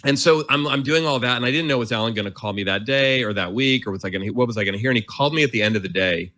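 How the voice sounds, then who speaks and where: A man in his forties, an author and guest, telling an animated, self-mocking story and acting out his inner voice. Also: medium pitch, rapid-fire. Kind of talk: storytelling in a conversation.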